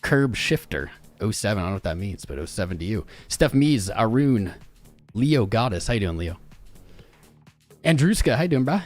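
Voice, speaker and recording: A man's voice: on the low side, big pitch swings, normal speed, darkish tone, faint music behind. Man hosting a chatty live stream. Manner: friendly banter, greeting viewers by name. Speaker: livestream host. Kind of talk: casual live-stream chat.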